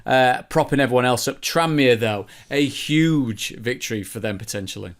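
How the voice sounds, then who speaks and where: Man hosting a football podcast. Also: medium pitch. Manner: brisk, links segments with banter. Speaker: podcast host. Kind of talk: casual football chat.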